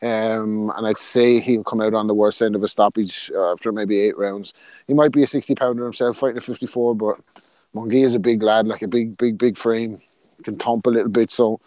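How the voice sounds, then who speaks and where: A man's voice: lowish voice, steady tone, brisk, darkish tone, dry recording. A man from Australia co-hosting a podcast, chatting casually about boxing, blunt, swearing and full of fillers. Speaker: podcast co-host.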